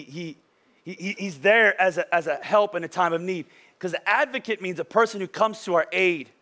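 A male pastor with a high-set voice delivers a sermon like a chat. He jokes with the congregation and keeps tossing in "right?" to check they are following. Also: a bit bright. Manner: conversational and joking, keeps asking "right?".

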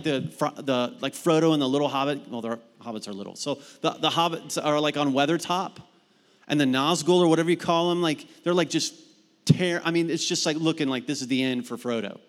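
Pastor, male, fairly high voice, animated sermon delivery, church hall reverb. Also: fast talker. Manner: animated, rising to emphatic peaks; casual asides with fillers in stories. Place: church sanctuary.

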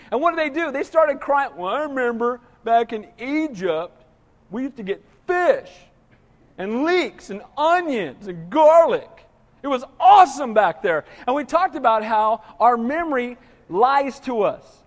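High-voiced pastor preaching in a reverberant hall. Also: male voice. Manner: conversational preaching with rhetorical questions and humor. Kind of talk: sermon.

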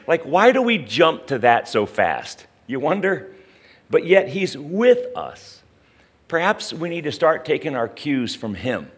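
A man's voice: on the high side, very animated, a little slow, husky. A middle-aged man preaching a sermon in a conversational way, often asking the listeners questions. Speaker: pastor.

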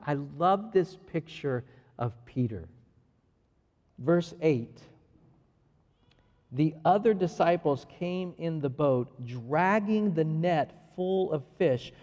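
A man's voice: on the high side, slow pace, long reverb tail, muffled recording. A man preaching a sermon, acting out the lines of the passage as he reads and explains it. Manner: animated, acts out the dialogue of the passage. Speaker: pastor.

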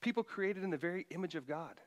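A middle-aged man preaching a sermon as pastor, emphatic, his voice rising loud for quoted commands. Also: high voice, lively intonation, fast talker, big-room sound.

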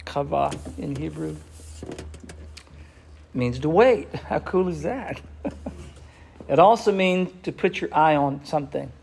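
A man preaching a sermon with passion, slowing down for emphasis and dropping almost to a whisper at times. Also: fairly high pitch, gravelly, a little mellow. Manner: impassioned, slows down for emphasis, drops to near whisper.

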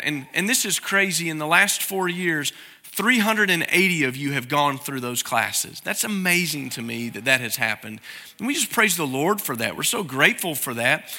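A man speaking as a pastor to his congregation, earnest and grateful, sometimes growing soft and emotional as he shares news from the pulpit. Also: fairly high pitch, animated, moderate pace. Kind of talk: church announcement from the pulpit. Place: church sanctuary.

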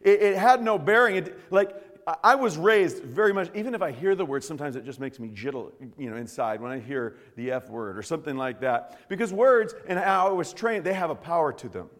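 Animated joking pastor in a reverberant church. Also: male voice, a little high, a little fast, hardly any pauses. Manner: lively, joking storyteller with frequent restarts. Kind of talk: sermon with prayer and personal stories. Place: church service. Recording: long reverb of a church hall.

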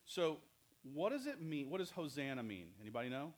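A man's voice: on the high side, sing-song, brisk. A man leading a children's church lesson, joking and asking the kids questions as he tells the story. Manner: jokey, asks the kids questions. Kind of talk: playful Bible lesson for children.

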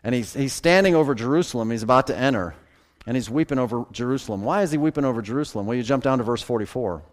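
A pastor preaching a sermon, building to emphatic, forceful peaks as he explains scripture. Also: medium pitch, lively intonation, very fast.

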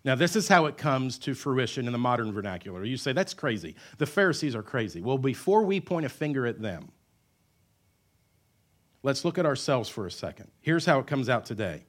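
A man preaching a sermon to his church, mid-pitched and conversational. He rises to loud, emphatic declarations, then falls to hushed, slowed-down phrases. Humorous asides break up the preaching. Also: lively intonation. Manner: wide swings between loud emphatic lines and quiet, drawn-out words. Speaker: pastor.

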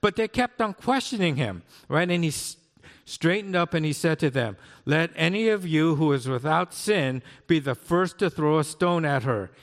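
A man's voice: on the high side, lively intonation, moderate pace. A man in his sixties preaching a conversational sermon as a pastor, often checking in with "right?". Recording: long hall reverb.

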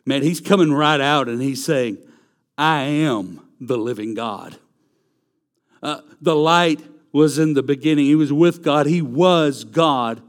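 A man's voice: fairly high pitch, slow. A man preaching a sermon, emphatic and repeating key phrases for stress. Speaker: pastor.

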